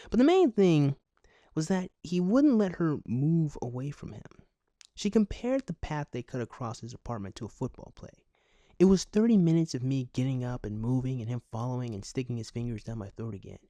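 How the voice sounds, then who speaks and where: A man with a dark, mellow voice reads a news article aloud in a close, dry recording. He keeps stopping to add sarcastic, deadpan jokes of his own. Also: medium pitch, moderate pace, dry recording. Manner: sarcastic, deadpan asides between read passages. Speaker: commentary YouTuber. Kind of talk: reading a news article aloud with comic commentary.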